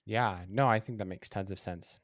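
A man hosting a casual interview, relaxed and agreeable in manner. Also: on the low side, moderate pace, no room sound, clean studio sound. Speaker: podcast host.

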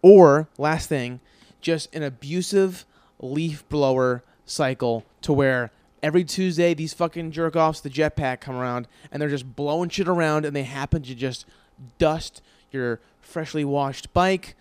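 A man hosting a podcast, asking questions in a loose, halting, profane way. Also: a little high, darkish tone, clean tone, no echo. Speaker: podcast host. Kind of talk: casual podcast interview.

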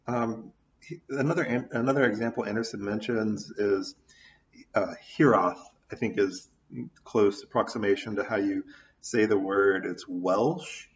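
A man's voice: fairly low pitch, unhurried, far from the mic. A man with an American accent giving a recorded audio lecture, thoughtful and loose, with many ums and restarts. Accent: American English. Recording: dull, roomy, mic set back.

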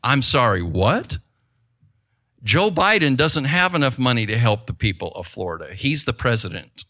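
A man's voice: medium pitch, fairly quick. A middle-aged man talking in a conversational monologue, telling stories with animation and often checking in with the listener. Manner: animated storytelling, rhetorical check-ins with the listener. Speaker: speaker giving advice.

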